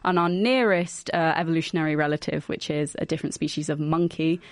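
A young woman co-hosting a casual radio show, chatty and quick to laugh. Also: deep voice, fairly even intonation, no echo. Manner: chatty, laughs often, uses "like" a lot. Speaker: radio co-host.

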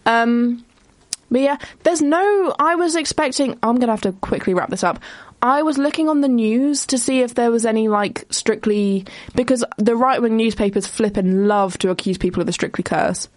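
A woman's voice: fairly high pitch, no room sound. Chatty young woman, rambling. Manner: chatty and rambling, quick asides, self-interrupting. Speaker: podcast host. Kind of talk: casual solo commentary.

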